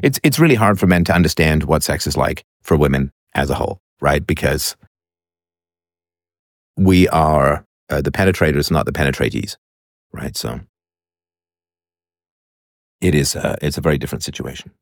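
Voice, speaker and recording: Deep-voiced male commentator, conversational reaction talk, dry close recording. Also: lively intonation, normal speed, gravelly, pauses often, no room sound. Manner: musing, conversational, with frequent fillers. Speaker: commentator reacting to online videos.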